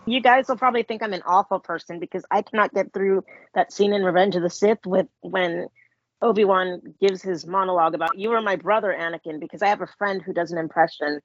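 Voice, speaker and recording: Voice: mid-range voice, fairly even intonation, fairly quick, no echo, dull audio. A podcast panelist chatting casually and telling a story in an amused way. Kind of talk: casual chat.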